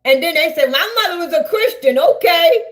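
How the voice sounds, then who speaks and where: A woman, ranting loudly and profanely to her viewers on a live stream. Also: very high-pitched, animated, fairly quick. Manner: loud, profane, rambling, talks straight to viewers. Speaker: livestreamer. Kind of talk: casual live-stream rant.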